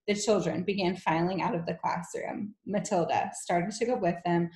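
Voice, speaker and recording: A woman teacher reading a children's novel aloud to her class in an expressive, gentle way. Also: lowish voice, normal speed. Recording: echoey room.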